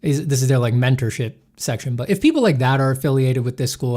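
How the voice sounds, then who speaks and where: A man's voice: mid-range voice, expressive, fast, mellow. A man chatting casually on a livestream while he draws, joking and rambling as he thanks supporters and answers questions from chat. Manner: joking, rambling, self-deprecating. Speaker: artist streaming while drawing.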